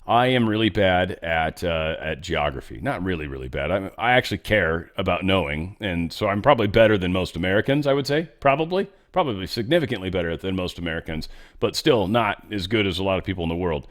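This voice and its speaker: A man's voice: deep voice, lively intonation, a little fast. A man hosting a show, giving casual political commentary in a rambling, off-the-cuff way with some swearing. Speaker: show host.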